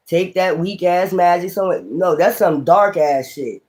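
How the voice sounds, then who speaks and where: A man's voice: sits high, moderate pace, hardly any pauses. A man giving a casual tarot reading, talking in a profane, exclamatory, rambling way. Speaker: tarot reader.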